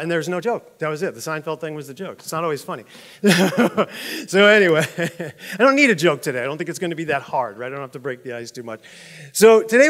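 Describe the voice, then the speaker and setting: A man with a slightly high voice delivers a sermon from the pulpit. He talks like he's chatting with the congregation, spinning an animated story and checking in with quick asides. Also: big-room sound. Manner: animated storytelling, chuckles at own jokes; conversational, frequent "right?" asides. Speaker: pastor.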